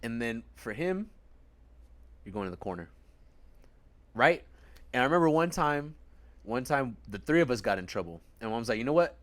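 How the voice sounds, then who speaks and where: Animated man telling stories. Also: medium pitch, moderate pace, long pauses. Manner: animated storytelling, acts out family members. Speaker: podcast co-host. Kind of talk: casual chat.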